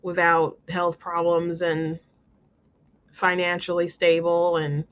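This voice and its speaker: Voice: mid-range voice, monotone, takes it slowly, fairly bright tone, clear, resonant tone, lo-fi sound. A show host talking casually in an earnest, rambling way, with many restarts. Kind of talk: casual commentary monologue.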